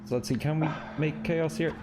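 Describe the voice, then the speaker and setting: A man's voice: fairly high pitch, steady tone, brisk, noisy background. A man streaming a racing game, chatting casually with friends and laughing often. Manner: laid-back, laughs often. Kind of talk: casual gaming chat.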